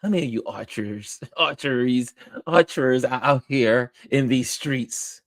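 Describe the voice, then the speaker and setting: A man's voice: medium pitch, unhurried, dry recording. Upbeat man hosting a live chat. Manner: upbeat, animated, reads out comments. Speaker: host. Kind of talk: live-stream chat, reading viewer comments.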